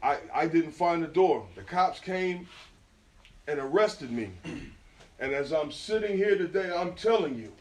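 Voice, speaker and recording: A man from New York with a New York accent, telling stories in slang to an audience at an artist talk. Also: high-pitched. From New York, USA. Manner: street slang, animated storytelling with quoted dialogue. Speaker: guest speaker at an artist talk. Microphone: phone recording from the audience. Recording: distant phone recording.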